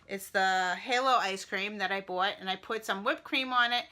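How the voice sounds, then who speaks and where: Middle-aged woman vlogger, bright voice, rambling casual chat with lots of fillers. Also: medium pitch, normal speed. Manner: rambling and chatty, with many fillers.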